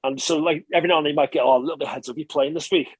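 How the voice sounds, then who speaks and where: A man recounting his playing days in an easygoing, chatty interview. He talks quickly with a fairly high, slightly husky voice, swears freely and often restarts mid-sentence. The sound is dry and close to the mic. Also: steady tone, dry recording. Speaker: former professional rugby player, interview guest. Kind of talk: casual conversational storytelling.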